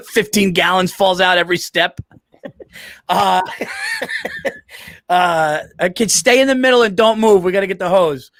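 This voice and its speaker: A man co-hosting a podcast, telling profane, animated stories and doing quick impressions in casual chat. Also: high-pitched, dry recording, clean studio sound. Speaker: podcast co-host.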